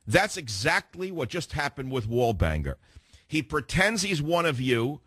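A man's voice: on the high side, very animated, measured pace, fairly bright tone, husky, no room sound. An opinionated male talk radio host with a mid-range voice who argues hard and cuts his callers off. The sound is dry and close, with no room around it. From San Francisco, USA.

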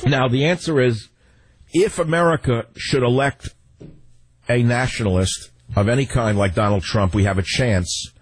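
A man's voice: mid-range voice, normal speed, husky, dry recording. An older man hosting a call-in radio talk show, blunt and sardonic, laughing often.

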